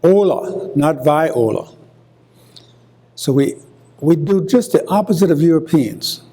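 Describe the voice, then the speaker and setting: An older man from Hilton Head Island with a Gullah accent, giving a university lecture deliberately and repeating example words as he explains. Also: on the high side, lively intonation, warm tone, breathy edge. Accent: Gullah, coastal South Carolina. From Hilton Head Island, South Carolina. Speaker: guest lecturer.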